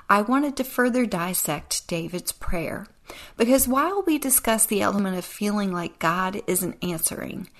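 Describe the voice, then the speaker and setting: A woman hosting a devotional podcast, speaking in an earnest, reflective way that sometimes sinks to a near whisper. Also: medium pitch. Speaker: podcast host.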